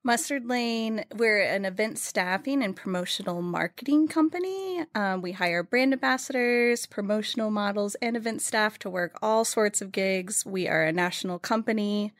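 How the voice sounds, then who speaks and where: A woman guest on a podcast, explaining things in a clear, businesslike way. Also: medium pitch, animated, moderate pace, few pauses, dry recording, clean studio sound. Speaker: guest, company founder. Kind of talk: interview answer.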